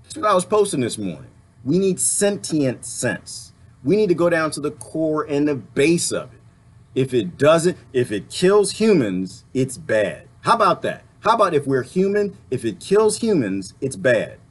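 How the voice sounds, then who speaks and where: A man's voice: on the high side, very animated, measured pace, slightly rough. A man delivering an impassioned political rant to camera, full of rhetorical questions and mild swearing. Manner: emphatic, rhetorical questions, swearing, laughs often. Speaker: vlogger.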